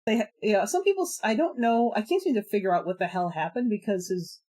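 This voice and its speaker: A woman talks to her stream in a relaxed, rambling way, her voice sitting at a middle pitch. She fills gaps with "like" and "um" and breaks into laughter often. It sounds like an unscripted live chat. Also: fast.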